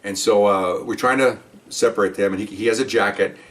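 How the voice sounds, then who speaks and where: Rambling older ex-cop, quick and low. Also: male voice, fairly even intonation, a bit bright, distant mic. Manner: rambling, conversational, keeps checking in with "okay?". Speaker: retired police officer telling stories. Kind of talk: casual spoken anecdote.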